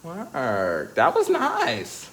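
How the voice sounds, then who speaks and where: A young man chatting casually to his viewers, sassy and slangy, breaking into laughs and high squeals. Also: wildly swooping pitch, extremely slow, gravelly, a bit bright, a little hiss or hum. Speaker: vlogger.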